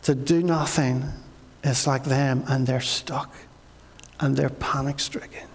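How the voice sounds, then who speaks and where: A man's voice: mid-range voice, fairly even intonation, slow, in a large hall. A man preaching a sermon as pastor, earnest, repeating phrases and acting out pleas.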